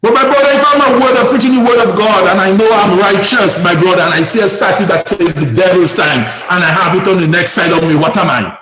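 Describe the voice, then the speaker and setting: A man from Dominica with a Dominican accent, calling in to a radio talk show with fervent, preachy commentary that rises to shouts. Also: high-pitched, brisk, few pauses, reverberant, crowd noise, poor audio. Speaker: caller. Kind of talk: impassioned call-in commentary.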